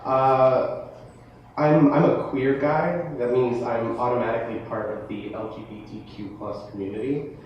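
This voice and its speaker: A student in his late teens gives a talk to an audience in a large hall or classroom, joking at his own expense and often stammering and restarting. His medium-pitched voice is fairly even and unhurried. The echoey recording catches him from a distance, sounding muffled with slight background noise.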